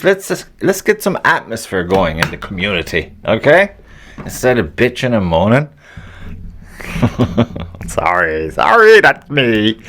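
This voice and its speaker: A deep-voiced man hosts a solo podcast in a loose, rambling rant. He swears constantly, grumbles with open annoyance, and chuckles at his own jokes between thoughts. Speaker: podcast host.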